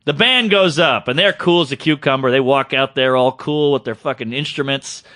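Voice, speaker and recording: A man, a comedian, telling a story on a podcast in an animated, profane, self-deprecating way. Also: medium pitch, moderate pace.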